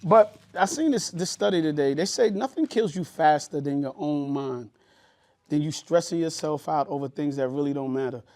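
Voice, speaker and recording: Tired New York man, slightly high voice. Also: normal speed. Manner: animated reactions, reflective. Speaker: podcast co-host. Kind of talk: casual chat.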